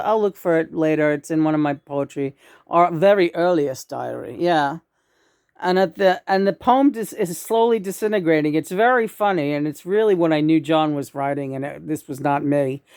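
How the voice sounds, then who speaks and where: Low-voiced woman in frank, rambling chat. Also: normal speed, a little mellow, smooth, dry recording, studio quality. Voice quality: rambling, trailing restarts. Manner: frank, swears freely. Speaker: co-host. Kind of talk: casual chat.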